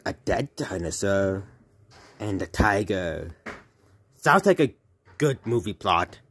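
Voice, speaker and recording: A man voicing Bowser, a gruff, grumpy dragon-turtle king, with a deep, growly put-on voice. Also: lively intonation, slow pace, a bit bright, a little hiss or hum, full character voice.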